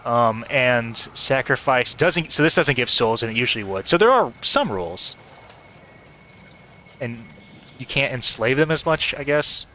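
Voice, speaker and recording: Man, casual live game commentary, rambling, stammers, bright tone, faint background hum. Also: medium pitch, lively intonation, measured pace. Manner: rambling, stammering, laughing often. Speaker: streamer.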